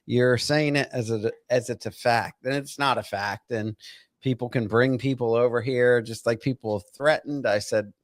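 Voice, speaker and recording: A man's voice: mid-range voice, steady tone, normal speed, dry recording. Brief: male guest, furious profane rant, stammers and restarts, dry close sound. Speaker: guest bartender. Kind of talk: angry podcast rant.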